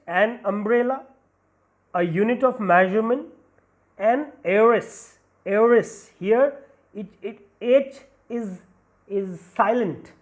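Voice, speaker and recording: A man's voice: high-pitched, darkish tone. Guy doing a grammar lesson, goes step by step, repeats himself a lot, keeps saying okay. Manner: explains step by step, repeats phrases, frequent "okay" and "that's why". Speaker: grammar teacher. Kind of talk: recorded grammar lesson over slides.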